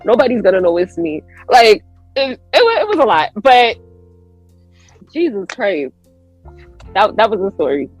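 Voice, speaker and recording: A woman guest on a podcast telling a story in an animated way. She acts out her own lines with big jumps in pitch and laughs often. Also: a little fast, no echo, faint music behind, poor audio.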